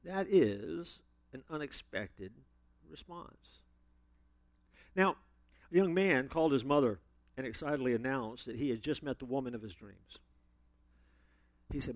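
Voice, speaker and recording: A man's voice: medium pitch, moderate pace, long pauses, no room sound. A man preaching a sermon as a pastor, telling stories and acting out the people he quotes. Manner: storytelling, acts out quoted voices with big swings.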